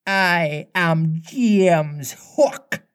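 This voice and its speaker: Man putting on a cocky mischievous boy, storybook, high and taunting, slow, very lively pitch. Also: smooth. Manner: taunting, playful.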